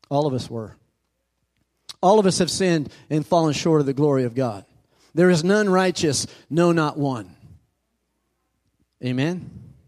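A pastor preaching a sermon in a church who calls out for amens and asks the congregation questions. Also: male voice, mid-range voice, mellow. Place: church sanctuary.

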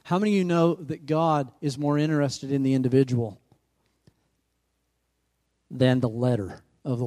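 A male pastor delivers a sermon, retelling scripture and calling out questions to his congregation. His voice is slightly high and a little mellow. His preaching builds with rising emphasis.

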